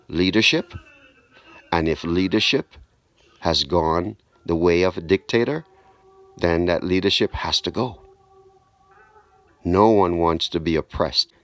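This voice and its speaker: A deep-voiced man preaching in spoken-word style, slow and measured, leaning on repeated phrases for weight. Faint music runs underneath his low voice. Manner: slow, deliberate, repetitive emphasis.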